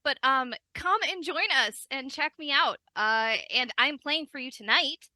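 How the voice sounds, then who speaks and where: Bright, high-voiced woman player. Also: measured pace, dry recording. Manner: cheerful, slightly scattered. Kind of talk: casual podcast chat.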